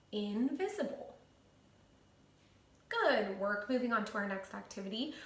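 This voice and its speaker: A woman teacher leading a phonics lesson for children, reading word pairs slowly and clearly. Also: mid-range voice, fairly bright tone, a little hiss or hum. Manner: slow, clear word-by-word prompting. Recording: echoey room.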